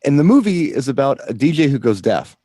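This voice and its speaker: A man's voice: mid-range voice, big pitch swings, brisk, warm tone, dry recording. A man co-hosting a DJ show in casual chat, explaining things at length with enthusiasm. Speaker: DJ co-host.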